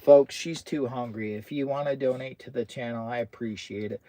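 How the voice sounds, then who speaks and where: An American camping vlogger chats casually on a livestream from inside a hot tent, often slipping into baby talk with his dog. His voice is medium-pitched and warm, with a steady tone, a normal speed, and no echo.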